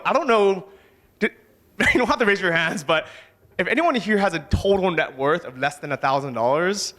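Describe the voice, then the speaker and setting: Man, conference speaker, slightly high voice, casual, energetic, swears now and then. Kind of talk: motivational conference talk. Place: conference stage.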